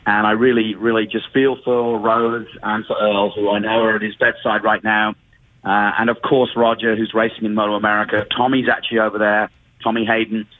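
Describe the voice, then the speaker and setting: A man calling into a motorsport radio show, talking earnestly with halting restarts. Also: fairly low pitch, level tone, no room sound. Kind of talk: casual radio talk. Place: event venue in the field. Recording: tinny phone line.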